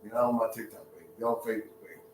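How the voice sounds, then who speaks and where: A man's voice: fairly low pitch, little pitch movement, racing, a little mellow, a little hiss or hum. A man, hosting a casual live-stream monologue, joking and laughing often and acting out voices. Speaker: social media talk host. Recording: echoey room, far from mic.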